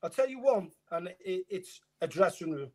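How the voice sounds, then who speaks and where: An older man, a former footballer talking as a guest in casual chat, jokey and animated, often repeating his phrases. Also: high voice, normal speed.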